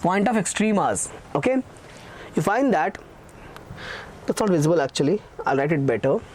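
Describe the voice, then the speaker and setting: A teacher walks students through the method for an exam-prep lecture. The voice sits at a middle pitch, with key terms said twice and questions put to the class and answered straight away. There is a faint noise behind the voice. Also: big pitch swings, normal speed, darkish tone. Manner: repeats key phrases, asks and answers own questions. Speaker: math teacher.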